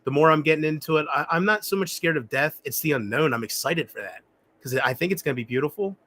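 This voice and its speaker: Halting, reflective man on a livestream. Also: a little high, lively intonation, pushed and bright. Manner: halting, reflective, with frequent restarts. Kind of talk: rambling solo livestream talk.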